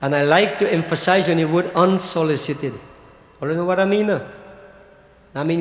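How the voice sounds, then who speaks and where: In an echoey hall with long reverb, an older man with a fairly high voice gives a religious discourse as a sermon, with a little hiss or hum on the recording. He speaks to his listeners as devotees and scatters rhetorical "hmm?" asides throughout.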